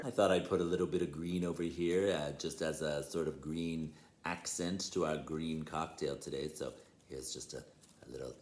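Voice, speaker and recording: A man hosting a casual home bartending vlog, chatty and self-deprecating, with playful emphasis. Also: mid-range voice. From New York. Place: home bar.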